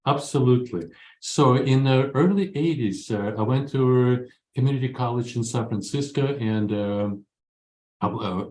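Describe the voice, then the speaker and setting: A man in his sixties from Ukraine, a guest telling his story in an interview, earnest and halting with many pauses. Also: on the low side, a little mellow. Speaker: guest, photographer. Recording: echoey room.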